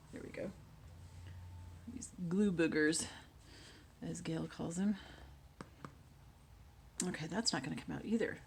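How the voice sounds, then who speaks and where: Woman, craft tutorial host, lowish voice, casual, thinks aloud, drifts into mutters. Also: a little hiss or hum. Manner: chatty, thinks aloud while working, drops to mutters.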